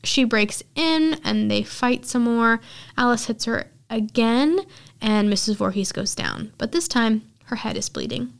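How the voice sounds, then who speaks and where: Woman podcast host, chatty and casual recap, slightly high voice. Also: very animated, a little slow, vocal fry. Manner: chatty storytelling with filler words.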